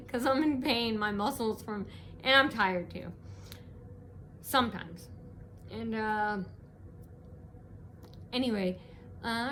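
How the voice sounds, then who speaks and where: A woman's voice: mid-range voice, moderate pace, long pauses, a bit bright, slight background noise. A woman from the United States, rambling and indignant as she recounts an appointment in a casual monologue to camera. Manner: rambling, indignant, repeats herself.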